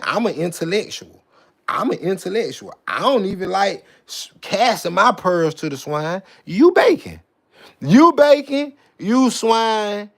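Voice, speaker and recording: Man, vlogger, high-pitched, gravelly fry, mocking profane rant, repetitive, swaggering. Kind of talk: profane ranting monologue to camera.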